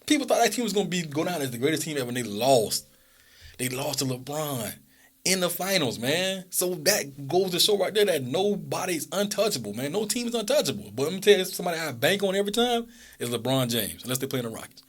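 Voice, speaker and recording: Young male podcast co-host, high-pitched, quick, animated debater. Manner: animated, argumentative, fast-talking. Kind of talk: casual sports debate.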